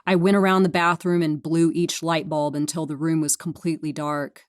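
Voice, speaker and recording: A woman's voice: deep voice, little pitch movement, normal speed, dry recording. A woman from California reading her own memoir aloud, frank and sardonic with a dry sense of humor. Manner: frank, sardonic, dryly funny. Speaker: memoir narrator.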